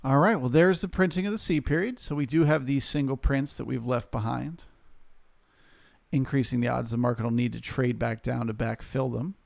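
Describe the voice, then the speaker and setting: Creaky-voiced male trading stream host. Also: mid-range voice, fairly even intonation, normal speed, a little mellow, no room sound. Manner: casual, explanatory, market jargon. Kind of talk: live trading commentary.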